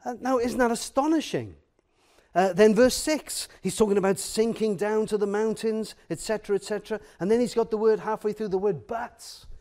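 A man preaching a sermon in an earnest, emphatic way, with many pauses and fillers. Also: high-pitched, a little mellow.

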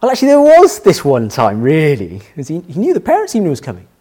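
A man's voice: a little high, huge pitch swings, fast, dark tone, husky. A middle-aged man preaching a sermon as pastor, telling a family story and repeating key phrases for emphasis.

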